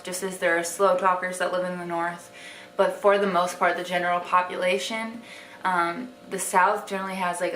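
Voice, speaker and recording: Speaking fairly low but with a fairly bright tone, this young Wisconsin woman vlogs casually to camera, her light accent and constant "like" fillers giving it a chatty feel. The recording has echo and a faint hiss.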